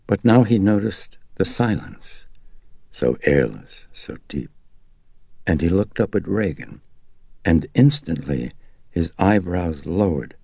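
A man narrating a horror novel in a slow, brooding, deliberate reading. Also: deep voice, lively intonation, vocal fry, dark tone, slightly rough, dry recording. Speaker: audiobook narrator.

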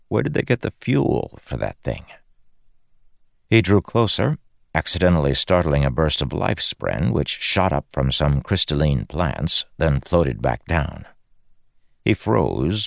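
A man narrating an audiobook in a measured, grave storytelling manner. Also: a bass voice, gravelly, no echo, clean studio sound.

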